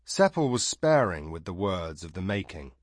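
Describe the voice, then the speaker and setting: A man narrates a fantasy novel in a calm, measured way. His voice sits on the low side and is recorded close and dry, with no room sound. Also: dry recording. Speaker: audiobook narrator. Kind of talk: scripted narration.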